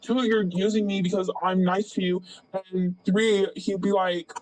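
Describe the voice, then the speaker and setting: A man's voice: high voice, flat delivery, normal speed, darkish tone, rough recording. A young man in his late teens, telling a personal story in a loose, rambling way full of fillers. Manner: rambling, heavy on "like" and "blah blah". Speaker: interviewee. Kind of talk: casual retelling.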